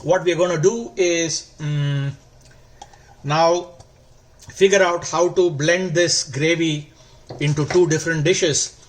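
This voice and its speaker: A man hosting a cooking video, explaining each step slowly and warmly praising the food. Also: fairly high pitch, fairly even intonation. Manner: slow, instructive, gently enthusiastic. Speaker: cooking show host. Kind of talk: cooking demonstration.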